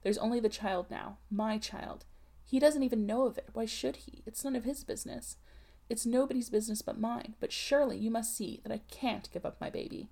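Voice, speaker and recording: A woman voicing a desperate young unwed mother who pleads in a hushed, tearful voice with a husky grain. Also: fairly high pitch, brisk. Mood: anguished. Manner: hushed, pleading, breaking into sobs.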